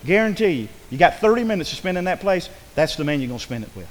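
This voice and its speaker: A man preaching a sermon in a church, animated and conversational, with quick asides and acted-out quotes. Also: high voice. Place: church sanctuary. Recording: long hall reverb.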